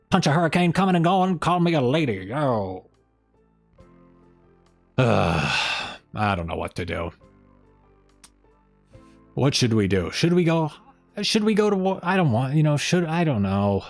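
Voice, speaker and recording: A man's voice: on the high side, very animated, normal speed, long pauses, faint music behind. A man hosting a casual live stream from home, rambling and self-mocking, often trailing off mid-thought. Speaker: streamer host. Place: home room by an open window.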